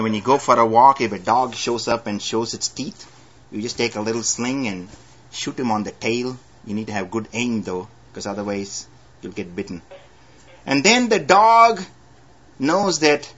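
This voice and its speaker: A man preaching a sermon as a story, with humorous asides and slowed dramatic emphasis, in a dull lo-fi recording. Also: medium pitch, animated, fairly bright tone, husky.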